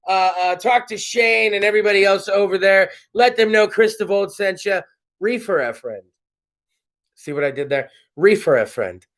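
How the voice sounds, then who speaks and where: A man hosting his casual comedy chat show from home, loud and joking. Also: high voice, expressive, moderate pace. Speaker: podcast host. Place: home studio.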